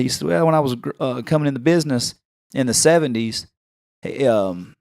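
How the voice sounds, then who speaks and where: A man's voice: mid-range voice, fairly quick, vocal fry, no echo, studio quality. A man with a Tennessee accent telling a story on a casual podcast, acting out the other people's voices as he goes. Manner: animated, acts out quoted voices. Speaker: podcast host.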